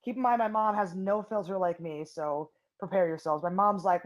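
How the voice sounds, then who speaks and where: A young woman from Philadelphia, an MMA fighter and guest in an interview, telling stories in a blunt, profane and animated way. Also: lowish voice, moderate pace, hardly any pauses, low-quality recording. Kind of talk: casual interview storytelling.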